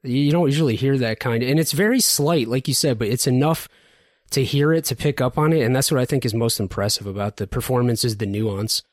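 A man's voice: mid-range voice, fairly quick, no room sound, studio quality. A man hosting a casual podcast, talking eagerly about video game performances and handing turns to the others. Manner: animated, enthusiastic, hands off turns. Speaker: podcast host. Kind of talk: casual game awards chat.

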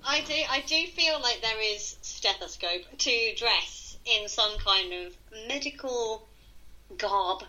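A woman co-hosts a chatty podcast, laughing at her own jokes and apologizing for bad puns. Her voice is sharp and bright, set a little high, and it rises and falls a lot. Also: expressive, takes it slowly, poor audio. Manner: giggly, self-mocking about her puns. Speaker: podcast co-host. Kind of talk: casual chat.

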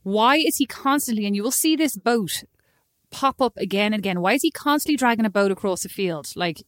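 A woman's voice: mid-range voice, animated, a little fast, fairly bright tone, no echo, studio quality. A woman chatting casually and teasing her co-host while they react to a film trailer, with a sarcastic edge. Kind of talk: casual chat.

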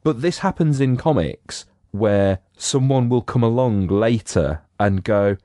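A man's voice: medium pitch, lively intonation, a little slow, warm tone, no room sound, studio quality. A man on a film podcast, talking enthusiastically about comics and acting out quotes as he rambles. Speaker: podcast panelist. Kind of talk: casual film discussion.

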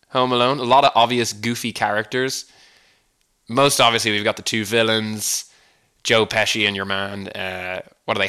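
A man's voice: on the low side, bright, forceful tone, clean tone. A man with an Irish accent hosting a comedy podcast, rambling wryly with chuckling asides. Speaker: podcast host. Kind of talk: comedic solo monologue.

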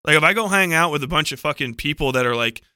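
A man's voice: a little high, expressive, quick pace, sharp tone, smooth, no echo, clean studio sound. A man on a book club podcast, telling a rambling, profane anecdote full of "like" and self-corrections. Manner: profane, digressive storytelling with frequent laughter; heavy use of "like" and self-corrections.

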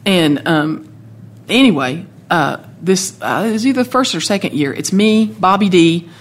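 A woman telling stories in a lively, talkative way as a country music guest in a casual chat. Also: fairly low pitch, moderate pace. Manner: lively, talkative, animated storyteller.

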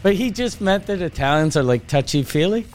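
A man's voice: high-pitched, lively intonation, brisk, slight background noise. A man co-hosting a comedy podcast, joking crudely and laughing through his jokes. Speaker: podcast co-host.

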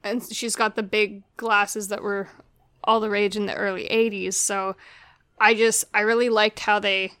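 A woman's voice: mid-range voice, level tone, unhurried, a bit bright, clean tone, no room sound. A woman in a casual chat about a film, talking with fillers and trailing sentences. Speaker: podcast co-host discussing a film.

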